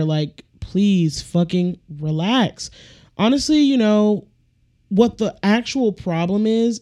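A woman hosts her own podcast, delivering a blunt, profanity-laced comic rant. Her voice is dark and mellow, and she talks in an animated, rambling way. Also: lowish voice. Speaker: podcast host. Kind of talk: casual comedic rant.

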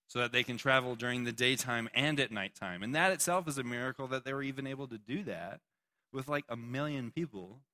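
A young man preaching a lively sermon with a bright, forceful voice. He jokes as he goes and calls on people in the room by name. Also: medium pitch. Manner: animated, joking, takes questions from listeners. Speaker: pastor. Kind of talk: youth sermon.

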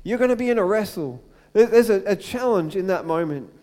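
Aussie pastor guy preaching, high voice, earnest, loud bits then soft slow bits. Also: lively intonation. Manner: earnest, swings between loud urgent build-ups and slow soft appeals. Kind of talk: sermon.

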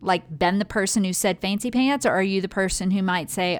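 A woman's voice: medium pitch, a little fast. A woman hosting a motivational talk on well-being, speaking directly and conversationally to her listeners.

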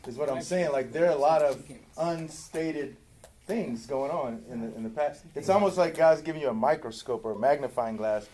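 A man leading a group Bible study, animated and joking, with sarcastic asides. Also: on the high side, normal speed.

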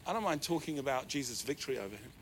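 A man preaching a sermon as pastor, animated, with sudden swings between loud, raised lines and quiet asides. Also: mid-range voice, rapid-fire, slight background noise.

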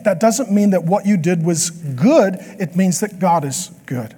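A man preaching a sermon as a pastor, with lively, joking asides to the congregation. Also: high voice, moderate pace, hardly any pauses, slightly rough. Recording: long hall reverb.

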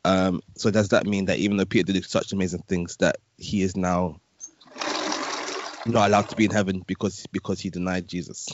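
A man's voice: low-pitched, flat delivery, a little fast, muffled recording, background noise. A man hosting a casual podcast, playful and joking, laughing often as he talks. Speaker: podcast host.

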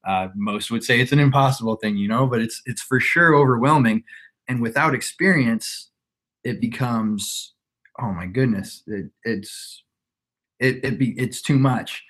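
A man's voice: mid-range voice, unhurried, a bit bright. A young man in his twenties talking casually as a podcast guest, reflective and rambling, with frequent restarts. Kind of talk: casual conversation.

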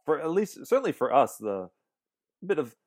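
A man co-hosting a podcast, talking through a film in a thoughtful, halting way with many restarts. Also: fairly high pitch, big pitch swings, a little mellow. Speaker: podcast co-host. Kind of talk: casual film discussion.

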